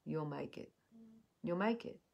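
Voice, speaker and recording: A woman in her fifties with a low voice talks through her makeup routine. She tells a personal story in an earnest, heartfelt way, with halting restarts. Her voice often drops soft at the ends of thoughts. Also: lively intonation, vocal fry, dull audio. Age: 50s. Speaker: beauty vlogger. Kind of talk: personal story told during a makeup tutorial.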